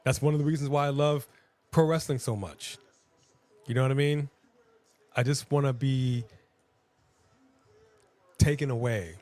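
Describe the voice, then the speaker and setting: A man's voice: medium pitch, unhurried, pauses often, a little mellow. A man co-hosting a live watch-along stream, talking casually and rambling with frequent restarts.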